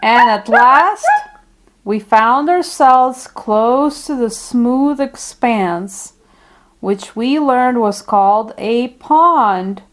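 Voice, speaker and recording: A woman reads a children's story aloud in a high voice, taking her time over every phrase. The delivery is gentle and unhurried, made for young listeners.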